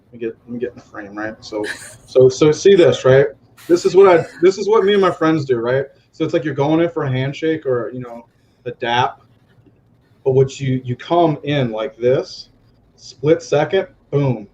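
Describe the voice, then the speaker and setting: A male guest in a casual chat, animated and demonstrative, swearing often as he acts out what he means. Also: medium pitch, moderate pace. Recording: dull lo-fi with faint noise.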